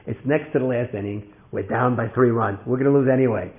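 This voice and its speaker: A man telling a story in a sermon, dramatic and animated, sometimes rising to a shout. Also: medium pitch, brisk, few pauses. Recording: thin phone-like sound in an echoey hall.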